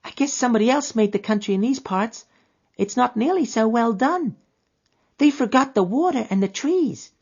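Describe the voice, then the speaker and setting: A woman's voice: a little high, expressive, normal speed, a little mellow, breathy edge. A woman voicing a trusting little girl lost in the desert, talking in a folksy childlike dialect, in a lo-fi recording. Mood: curious. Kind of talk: audio drama acting. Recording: dull lo-fi recording.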